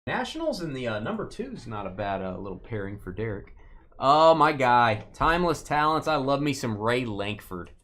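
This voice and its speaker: A man runs a live card break with easy, joking chatter and banters with viewers by name. He drags out player names with showy flair on each card he calls. His voice sits at an ordinary middle pitch. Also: sing-song, moderate pace, fairly bright tone. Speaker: host of a live sports card box break. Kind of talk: casual live-stream commentary.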